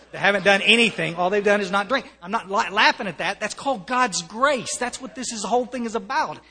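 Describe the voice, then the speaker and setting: A man's voice: high voice, fast, sharp tone, breathy edge. An American man giving a personal testimony to a recovery meeting, earnest and conversational, often restarting his sentences and mixing in wry humor. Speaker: speaker sharing at a recovery meeting. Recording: long reverb of a large hall.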